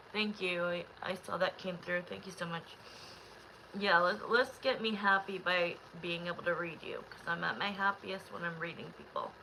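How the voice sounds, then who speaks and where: A woman's voice: medium pitch, bright, forceful tone, a little hiss or hum, rough recording. A woman hosting a live tarot stream, chatting loosely with viewers in a rambling way, frustrated and close to tears. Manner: rambling, talks straight to the chat.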